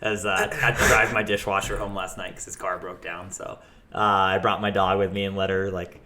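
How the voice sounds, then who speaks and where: A man's voice: low-pitched, level tone, fairly quick, bright, forceful tone. A young adult man, a chef and restaurant owner, talking candidly and rambling in a casual interview, swearing freely. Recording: echoey room with faint noise.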